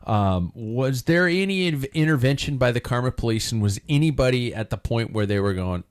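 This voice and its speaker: A man's voice: mid-range voice, expressive, a little fast, hardly any pauses. A man hosting a live studio podcast in casual chat, telling jokes and putting questions to the panel. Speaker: podcast host.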